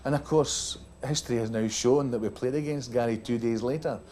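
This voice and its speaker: A man's voice: mid-range voice, a little fast, mellow, slight background noise. A middle-aged man with a Scottish accent telling a comic story from a rugby tour, acting out the other voices as he goes. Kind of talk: comic after-dinner storytelling.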